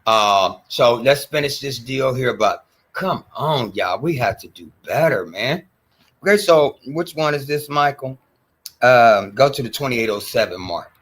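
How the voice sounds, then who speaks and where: A man hosting a casual commentary show, chatting to viewers and reacting to clips with animated exclamations. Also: medium pitch, unhurried. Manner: chatty, keeps addressing "y'all", animated exclamations.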